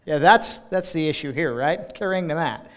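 Casting note: male preacher, slightly high voice, expressive delivery with quick restarts. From United States. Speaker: director of global partnerships speaking in church. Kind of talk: sermon.

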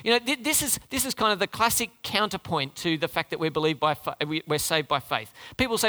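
Male pastor, high lively delivery, bright tone, sermon in a reverberant hall. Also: brisk, few pauses. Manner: animated, conversational preaching with audience questions.

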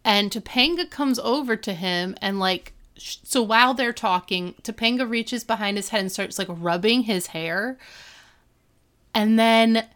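Smooth-voiced woman podcast co-host. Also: a little high, a little slow. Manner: animated storytelling with disgusted groans. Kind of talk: casual chat recapping a TV episode.

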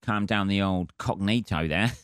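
A man's voice: lowish voice, moderate pace, fairly bright tone, clean tone, no echo, studio quality. A man hosting a comedy podcast, rambling wryly and swearing freely through his own stories.

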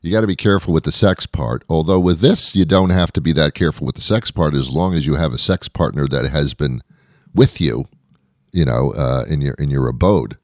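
Male podcast host, middle-aged, extremely deep voice, meandering self-deprecating patter, dry booth sound. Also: a little fast, a little mellow, dry recording. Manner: meandering, self-deprecating, lots of fillers and restarts. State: out of breath. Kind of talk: rambling comedic monologue.

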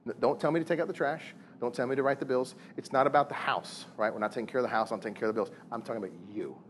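A man in his thirties preaching a sermon on marriage, animated and full of rhetorical questions and repeated words. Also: mid-range voice, very fast, a little hiss or hum. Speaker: pastor.

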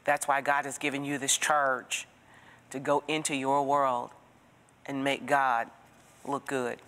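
A woman teaching a Bible study, telling stories in an expressive, preacherly way and asking the listener direct questions. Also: a bass voice, slow pace, long reverb tail.

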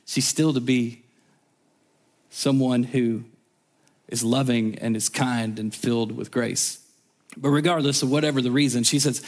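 A man's voice: mid-range voice, steady tone, unhurried, long pauses. A man preaching a sermon as a guest speaker, in a casual, chatty way with offhand asides. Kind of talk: conversational sermon.

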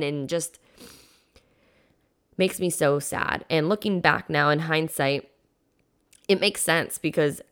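A young woman with a notably low voice talks alone on her podcast as a mindset coach. She speaks earnestly and warmly encouraging, with a heartfelt, personal tone. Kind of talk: solo motivational podcast talk.

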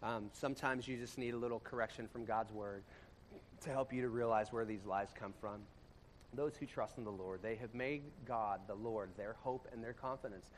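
In a church room before his congregation, a male pastor tells stories in a casual, conversational sermon. He swings between loud bursts and quiet, low stretches, speaking at normal speed over slight background noise.

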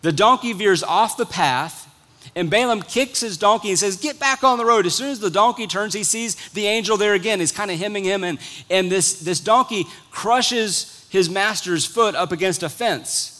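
A man's voice: sits high, normal speed, bright, forceful tone. A man preaching a sermon, retelling a story earnestly before exhorting his listeners. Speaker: pastor.

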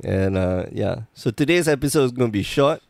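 Podcast host, man, gravelly, slight lisp, joking and rambling, dry close mic. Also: medium pitch, lively intonation, a little fast, a little mellow, dry recording. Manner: joking, rambling, self-deprecating. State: sore tongue, slight lisp. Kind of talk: casual podcast chat.

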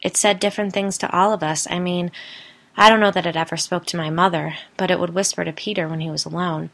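A woman reading the part of a haunted young woman who tells her story in a quiet, matter-of-fact way. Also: on the low side, steady tone, fast, gravelly. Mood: recounting.

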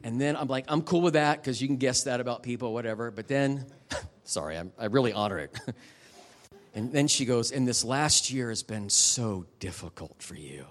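A middle-aged man preaches as a guest at a church, speaking at an ordinary, middle pitch. He talks plainly and personally, with an open emotional tone and frequent asides to the listeners. His sermon is conversational, not formal. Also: animated. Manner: personal storytelling, emotional and candid, quick asides to the audience. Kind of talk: conversational sermon ending in prayer. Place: church service.

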